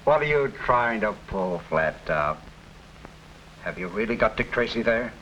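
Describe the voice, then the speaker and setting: An actor playing a greedy, nervous crime syndicate boss in an early TV crime drama, blustering and pleading. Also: male voice, lowish voice, big pitch swings, unhurried, a bit bright. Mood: irritated. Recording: dull old TV soundtrack with faint hiss.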